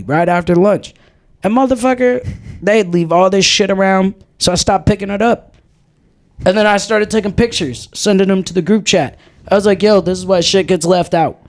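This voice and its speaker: A man's voice: sits high, darkish tone. A young man chatting on a podcast, telling blunt, profane stories from his old job. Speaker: podcast co-host. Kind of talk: casual chat.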